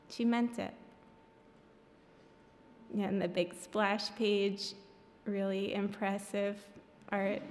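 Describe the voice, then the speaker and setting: A woman's voice: medium pitch, a little mellow. Woman reading aloud with wry asides. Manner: wry, self-deprecating asides. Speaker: author reading her own graphic novel. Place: reading event in a hall. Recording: echoey hall.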